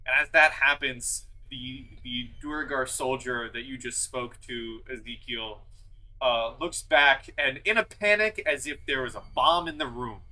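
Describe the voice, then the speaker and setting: A man's voice: medium pitch, measured pace, bright, forceful tone, rough recording. A man narrating as game master of a tabletop game, rambling with many fillers.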